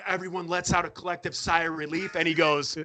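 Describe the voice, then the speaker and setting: Quick-paced and a little high, this man's voice comes through a dry recording as he tells a lengthy story as a podcast guest in a casual conversation. He acts out people's quotes with animation and keeps laughing as he goes.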